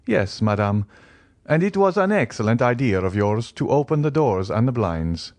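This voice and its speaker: A man's voice: mid-range voice, big pitch swings, moderate pace, a little mellow, dry recording, pitched above the performer's own voice. A man reading a reserved nobleman who answers with cool, formal politeness. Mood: guarded. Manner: formal, restrained. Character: reserved, guarded nobleman count, coolly polite.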